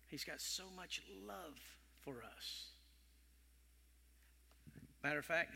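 A male preacher delivering an animated sermon, dropping to whispers and rising to loud calls. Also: fairly high pitch, slight background noise. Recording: long hall reverb.

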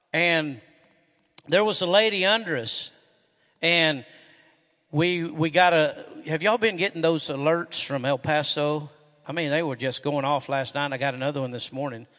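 Folksy man preaching in a hall. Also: on the high side. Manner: folksy storytelling, animated and loud when excited. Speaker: pastor. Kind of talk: sermon. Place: church sanctuary. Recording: echoey hall with long reverb.

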